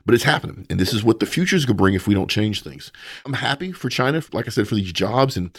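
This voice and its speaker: A man with a fairly low voice talks through energy news in a casual, opinionated way and often throws in mocking asides. His voice sounds dry and close to the mic, with no room in it. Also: expressive, quick pace, slightly rough, dry recording. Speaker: podcast host.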